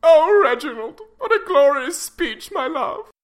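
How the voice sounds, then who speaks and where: A man voicing a melodramatic wife in a shrill falsetto, in a comedy audio sketch. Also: lively intonation, a little slow. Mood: gushing. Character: dramatic woman Priscilla, shrill and melodramatic.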